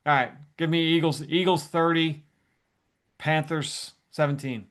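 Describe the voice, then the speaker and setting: A man's voice: fairly high pitch, steady tone, measured pace, fairly bright tone. A man co-hosting a sports podcast, laid-back with short, easygoing replies. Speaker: podcast co-host. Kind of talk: casual sports podcast chat.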